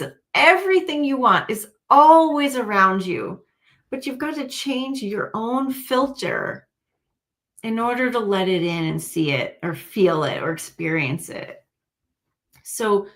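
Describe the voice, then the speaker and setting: A woman's voice: mid-range voice, fairly bright tone. A woman hosts a casual livestream with a mid-range voice. She talks to her viewers in an encouraging pep-talk manner. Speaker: livestream host and intuitive coach.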